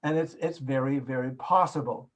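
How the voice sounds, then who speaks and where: A man teaching a course over a video call, explaining slowly and illustrating points with everyday examples. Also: medium pitch, muffled recording. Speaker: course instructor. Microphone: video call microphone.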